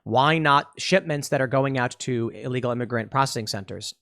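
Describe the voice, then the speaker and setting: A man's voice: medium pitch, fairly quick, pushed and bright, dry recording, clean studio sound. A man hosting a solo political commentary show, talking casually and sarcastically while reading through vote lists.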